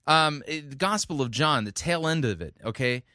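A man talks through a sermon clip with bright, somewhat high energy. He speaks casually, restarts his sentences and slips into mocking voices. The sound is dry and close to the mic. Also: moderate pace, no echo. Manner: conversational, restarts, animated mock voices. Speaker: sermon reviewer. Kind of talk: commentary on a played sermon.

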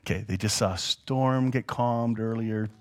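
A man's voice: fairly low pitch, moderate pace. A man teaching a Bible lesson, reading the scripture aloud and breaking off for chatty, joking asides. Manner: animated, chatty, jokey storyteller.

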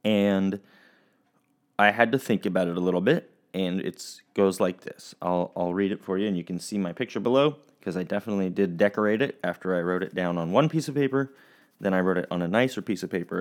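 A young man teaching children a recorded lesson, friendly and rambling, with restarts and fillers. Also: deep voice. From Oregon, US.

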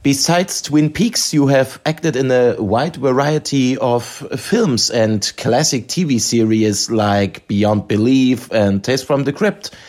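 A man interviewing a guest, reading his prepared questions in a measured, deliberate way. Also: mid-range voice, a little mellow.

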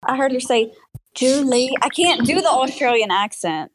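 A woman's voice: sits high, big pitch swings, moderate pace, no echo. A giggly, teasing woman chatting on a casual group voice call. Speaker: show panelist.

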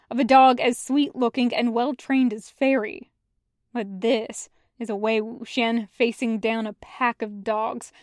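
Woman reading a podfic, slow and smooth, kinda high voice, dry close mic. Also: dry recording. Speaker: podfic reader. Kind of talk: audiobook narration of fan fiction.

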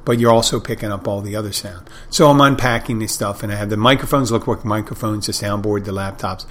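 A man's voice: fairly low pitch, quick pace, fairly bright tone. A middle-aged man hosting a podcast, telling wry, rambling anecdotes in a casual monologue. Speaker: podcast host.

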